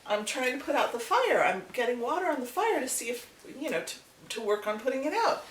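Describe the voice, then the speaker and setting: A woman voicing a tiny, determined female hummingbird who answers calmly and earnestly. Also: sits high, a little fast, slight background noise, pitched above the performer's own voice. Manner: calm, earnest, gently insistent. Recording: echoey room, distant mic.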